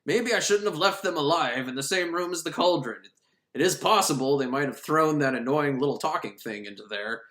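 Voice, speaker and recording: A man's voice: a little high, a little fast, a bit bright, close to an everyday voice. A man voicing a sarcastic, petulant skeletal villain king who grumbles casually, recorded in an echoey room. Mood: grumbling. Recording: roomy echo.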